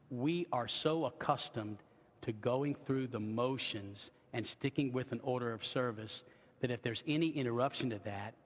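A male pastor delivering an impassioned sermon in a church, moving between loud exhortation and quiet, intimate passages. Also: medium pitch, breathy edge. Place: church sanctuary. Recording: long hall reverb.

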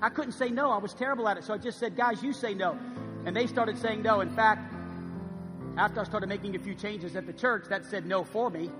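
High-pitched preacher in his fifties. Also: a little fast. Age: 50s. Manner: preaching with swings from hushed to loud. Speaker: pastor. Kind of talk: sermon. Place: church sanctuary. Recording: live church recording with long reverb and music.

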